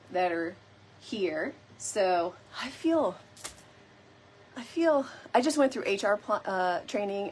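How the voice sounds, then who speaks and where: A woman's voice: mid-range voice, a little hiss or hum. A woman hosting a casual live crafting chat, playful and talking straight to her viewers. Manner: chatty, playful, addresses viewers often. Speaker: DIY decor host.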